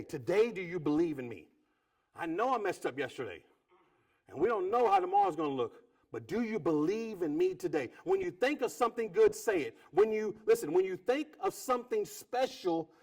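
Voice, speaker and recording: A man preaching with great energy, his pitch swinging widely from hushed, low asides to bright, high bursts. He keeps repeating phrases and acts out little dialogues between husbands and wives. His voice sits fairly high for a man. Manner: animated preacher, quick repetitions and acted-out quotes. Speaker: pastor. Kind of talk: sermon.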